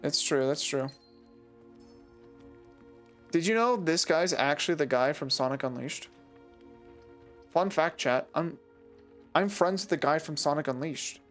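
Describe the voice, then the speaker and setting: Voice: mid-range voice, animated, unhurried, long pauses, faint music behind. A video game streamer giving casual, joking live-stream commentary while teasing the chat.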